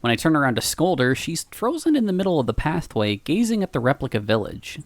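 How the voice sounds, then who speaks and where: Animated man reading a story game. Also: on the high side, fast talker, no room sound. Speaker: streamer. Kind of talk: reading a visual novel aloud.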